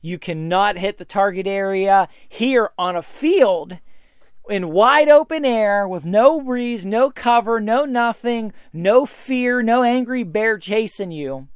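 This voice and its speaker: Guy telling a hunting story, smooth clear voice, dry close sound, emphatic. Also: sits high, slow, no room sound. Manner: matter-of-fact, emphatic, animated retelling. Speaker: bowhunting advice speaker. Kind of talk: casual storytelling talk.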